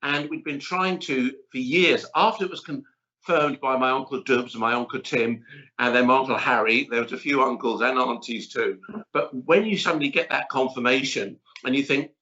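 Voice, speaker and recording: Middle-aged male chef guest, lively and chatty storyteller; bright tone over dull audio. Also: medium pitch, moderate pace. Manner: chatty, animated, rambling storyteller. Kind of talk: casual interview chat.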